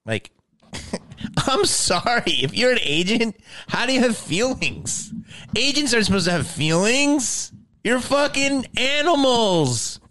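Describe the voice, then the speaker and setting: A middle-aged man and actor ranting in casual talk, swearing constantly and sounding exasperated, his voice climbing higher as he gets riled up. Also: very animated, takes it slowly, bright, forceful tone. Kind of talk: profane casual rant.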